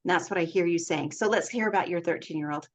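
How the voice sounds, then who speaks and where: A woman's voice: lowish voice, quick pace. Encouraging woman hosting a call. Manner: encouraging, reflective. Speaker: host. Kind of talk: supportive community call hosting.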